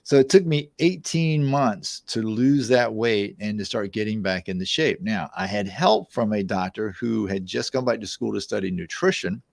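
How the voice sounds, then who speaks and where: A man's voice: fairly low pitch, normal speed, gravelly, hardly any pauses, dry recording. A man in his sixties, a guest in a conversational interview, telling personal stories in an anecdotal, easygoing way. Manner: storytelling, anecdotal, with restarts. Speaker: podcast guest, mind-body therapist.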